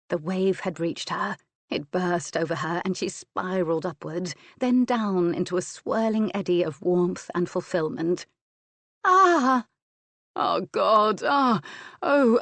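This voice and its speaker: Woman audiobook narrator, low, measured, intimate, dry close-miked studio sound. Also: a little mellow, no room sound. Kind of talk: scripted narration of a historical romance.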